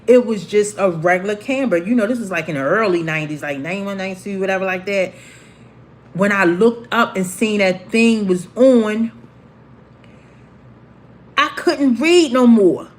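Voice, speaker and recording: A woman's voice: medium pitch, normal speed. A woman in her forties, casually telling a personal story to viewers on a livestream and acting out the voices of the people in it. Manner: animated, acts out quoted voices. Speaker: livestream host.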